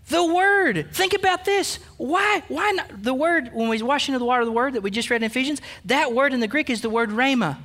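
A man's voice: extremely high pitch, sharp tone. A man pastor preaching a sermon, emphatic and direct, calling out the men with playful asides. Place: church sanctuary.

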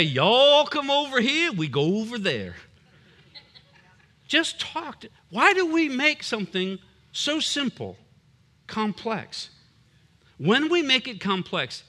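High, sharp-voiced preaching man. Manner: emphatic, punchy preaching with humorous asides. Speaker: pastor. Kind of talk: sermon.

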